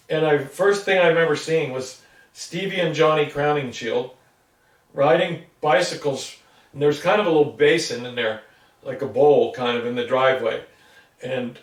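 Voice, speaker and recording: A man in his sixties being interviewed, telling a long rambling story about his past and acting out what others said along the way. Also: a little high. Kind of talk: casual recollection. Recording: roomy sound from a distance.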